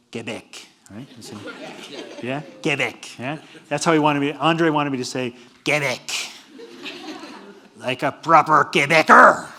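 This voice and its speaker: A middle-aged man giving a humorous university lecture, animated and laughing at his own jokes. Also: medium pitch. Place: lecture hall.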